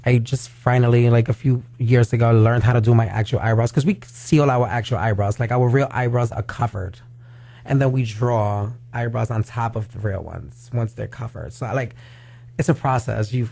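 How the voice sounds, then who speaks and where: Chatty drag queen guest, dark voice. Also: mid-range voice, normal speed, vocal fry. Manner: chatty, heavy on "like" fillers. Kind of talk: casual radio interview chat. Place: radio studio.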